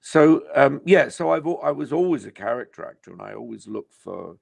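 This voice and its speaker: A man's voice: mid-range voice, lively intonation, fairly quick, gravelly, no echo. An older English man, an actor being interviewed, talking in a reflective, rambling way with many fillers. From England. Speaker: actor guest. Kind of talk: casual interview chat.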